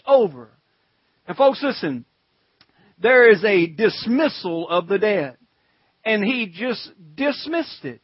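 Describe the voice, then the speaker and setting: A man preaching a sermon with a high voice, talking plainly to his congregation and calling out to them between scripture readings. The sound is dry and close, and the recording is dull and lo-fi. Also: no echo. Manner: conversational preaching, calls to the congregation; reads scripture in old-fashioned wording. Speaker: pastor.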